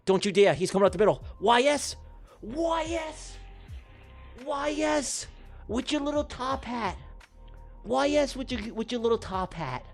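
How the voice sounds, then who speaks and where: A man hosting a livestream, calling comic races like an excitable sports commentator, jumping from mock-serious to shouting names. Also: extremely high pitch, unhurried, faint music behind. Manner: excitable, jokey race-caller, shouting names. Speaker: livestream host running giveaway races.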